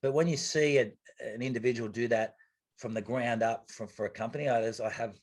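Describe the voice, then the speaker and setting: An Australian man spins a story in a relaxed podcast chat, his voice slightly husky and his delivery lively. He jumps into other people's voices as he retells the scene. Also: mid-range voice, brisk. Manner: animated, acts out quoted voices, swears casually. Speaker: guest, retired triathlete. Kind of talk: casual storytelling interview.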